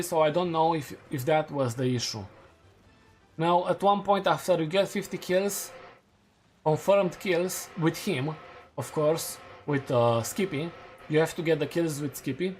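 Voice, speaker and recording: Rambling gaming streamer. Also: male voice, fairly high pitch, moderate pace, faint music behind. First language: Romanian. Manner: rambling, thinking aloud, hedging and correcting himself. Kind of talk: casual live-stream chat while gaming.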